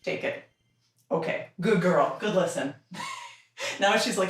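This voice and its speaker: A woman's voice: lowish voice, normal speed, pauses often, faint music behind. A young woman hosting a stream from home, chatting casually and giving playful, coaxing commands to her dog. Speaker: livestream host. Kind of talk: casual chat while training a dog.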